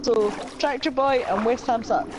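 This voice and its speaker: A woman's voice: on the high side, normal speed, background noise. Playful Scottish woman teasing friends. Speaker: streamer playing a game. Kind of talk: casual gaming chat with friends.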